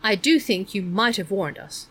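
A woman reading a storybook aloud, voicing a small, clever boy who shouts indignantly. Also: mid-range voice, expressive, moderate pace, husky. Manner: bossy, shouting.

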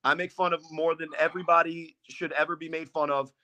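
Bright, slightly high male podcast guest, self-deprecating, swears casually. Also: level tone, a little fast. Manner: joking, self-mocking, swears freely. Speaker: podcast guest, football quarterback.

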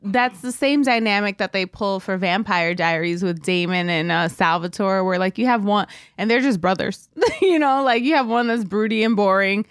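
A woman's voice: mid-range voice, moderate pace, smooth, no echo, clean studio sound. A woman co-hosting a podcast in casual chat, talkative and laughing. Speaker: podcast co-host.

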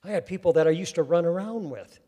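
A man preaching a sermon, fervently calling out to the congregation and swinging from quiet storytelling to loud exhortation. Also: on the high side, fast talker, long reverb tail.

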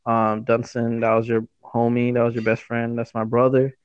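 Male podcast co-host, halting storyteller, dull dry lo-fi recording. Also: medium pitch, monotone, clear, resonant tone, no echo. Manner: rambling, halting, with many fillers.

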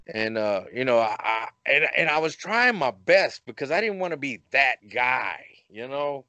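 A man hosting a podcast, telling a story in a casual, animated way. He laughs at his own jokes and his voice jumps up high when he quotes himself. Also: moderate pace, no echo, muffled recording. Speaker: podcast host.

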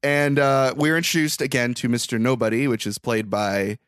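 A man co-hosting a podcast, retelling a movie in a sarcastic, animated way and swearing now and then. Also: medium pitch, normal speed, clear, resonant tone, no room sound, clean studio sound. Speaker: podcast co-host. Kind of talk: casual movie recap chat.

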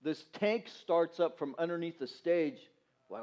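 A man's voice: a little high, normal speed, darkish tone, muffled recording. A man preaching as youth pastor, telling a self-mocking story with acted-out quotes. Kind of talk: storytelling sermon. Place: church sanctuary.

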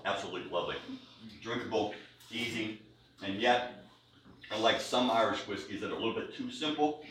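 A man's voice: fairly low pitch, fairly bright tone, far from the mic, a little hiss or hum. A man presenting a whiskey tasting to a live audience, chatty and jokey, with many fillers. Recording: echoey room, recorded from afar.

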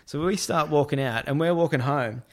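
Man telling a lively, laugh-filled story. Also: on the high side, fairly quick. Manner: animated, quotes others in a raised voice with many "I'm like" asides. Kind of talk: casual anecdote telling.

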